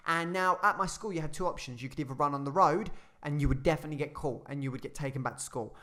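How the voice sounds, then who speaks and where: A young man telling a rambling, sweary personal story in a casual storytime. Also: a little high. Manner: rambling, sweary, animated retelling.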